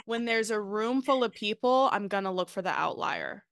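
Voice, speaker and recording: A woman guest on a podcast, talking in an animated, emphatic way with lots of casual asides. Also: mid-range voice, normal speed, creaky, no echo, studio quality. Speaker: podcast guest, marketing consultant.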